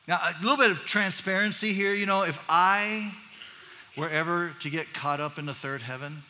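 A man's voice: high-pitched, moderate pace, sharp tone. A man preaching a conversational sermon, casual and chatty with joking asides, in a church sanctuary. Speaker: pastor. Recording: long reverb of a large hall.

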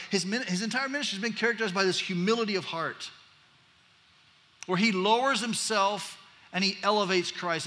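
Brief: man, pastor, bright high-ish voice, easygoing sermon with jokes, echoing hall. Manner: casual and chatty, asks "right?", joking asides. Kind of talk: conversational sermon. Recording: long reverb of a large hall.

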